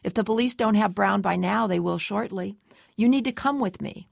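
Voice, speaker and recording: A woman voicing a steady, patient man who poses as a store guard and tries to persuade a girl to come with him. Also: mid-range voice, normal speed, gravelly, no room sound. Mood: urgent. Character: calm mysterious man posing as a store guard.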